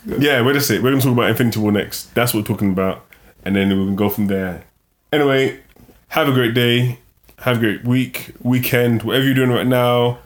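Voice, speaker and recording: A man's voice: medium pitch, brisk. Rambling man hosting a chatty podcast. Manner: rambling, upbeat sign-off. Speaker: podcast host. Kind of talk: casual chat.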